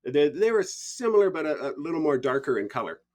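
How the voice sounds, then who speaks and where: A man, a podcast guest telling stories in a relaxed, rambling way with frequent laughs. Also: on the high side, a little fast, slight background noise. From Canada. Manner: easygoing, rambling, laughs often. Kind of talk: casual storytelling.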